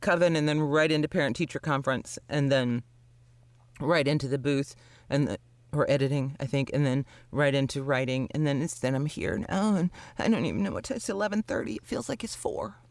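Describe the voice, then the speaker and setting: A man with a husky, just-woken voice that sits fairly high for a man. He co-hosts a podcast, chatting in a wry, rambling way and laughing often. The sound is close and dry, with no room around it. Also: fairly quick, no echo. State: husky morning voice. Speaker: podcast co-host. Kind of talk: casual chat.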